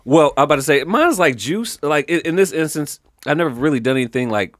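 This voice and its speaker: A man with a bright, forceful voice, talking in an animated, slangy way and swearing freely. The sound is dry and close. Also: fairly high pitch, fairly quick, dry recording. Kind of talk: casual chat.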